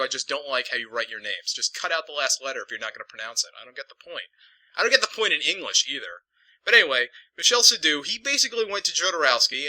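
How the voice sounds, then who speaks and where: A man's voice: mid-range voice, pushed and bright, dry recording, poor audio. A man reviewing films in a casual, digressive, profane ramble. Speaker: film reviewer.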